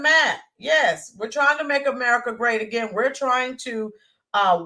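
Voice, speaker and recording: Woman doing a live stream, chatty, lots of ums and restarts, brightish higher voice. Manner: chatty, greets viewers by name; hesitant with fillers and restarts. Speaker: livestream host. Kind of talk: casual live commentary.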